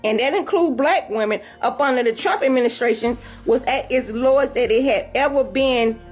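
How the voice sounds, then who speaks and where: A woman's voice: high voice, moderate pace, soft background music. A woman in a casual opinion monologue, sassy and emphatic, calling her listeners honey.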